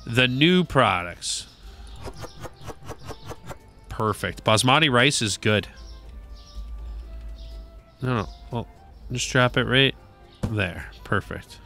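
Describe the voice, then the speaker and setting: Speaking slowly with a creaky, medium-pitched voice and long pauses, this man makes playful gameplay commentary for his gaming videos. He talks back to the game's characters, swears occasionally, and stays animated, with soft music in the background.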